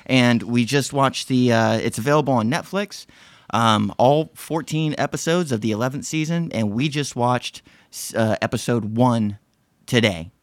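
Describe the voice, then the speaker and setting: A man co-hosting a podcast, chatting excitedly and rambling, laughing often. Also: mid-range voice, moderate pace, no echo, studio quality. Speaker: podcast co-host. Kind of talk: casual podcast chat.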